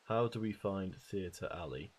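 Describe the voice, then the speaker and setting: A man's voice: sits low, a little slow, slightly rough. A man casually playing a video game, chatting and reading dialogue aloud. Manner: reads game dialogue aloud in put-on voices. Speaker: let's play host. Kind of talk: casual let's play commentary.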